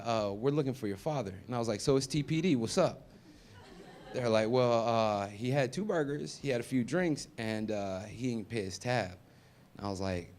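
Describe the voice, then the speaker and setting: A man in his thirties doing stand-up comedy, with a voice of ordinary pitch for a man. He tells long personal stories and jumps into the voices of the people in them. His delivery moves between loud punchlines and soft, muttered asides. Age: 30s. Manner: storytelling, acts out quoted voices, swings loud and soft.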